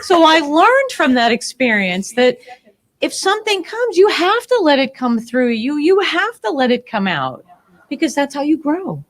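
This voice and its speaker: A woman from the audience telling an animated personal story, acting out what was said. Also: sits high, moderate pace. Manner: animated, acts out quotes. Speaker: audience member. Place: community meeting room.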